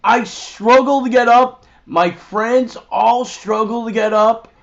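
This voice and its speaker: A man hosting and telling a rambling, profane, animated anecdote in a crude comic style. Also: very high-pitched, slow pace. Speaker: host. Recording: dull lo-fi recording.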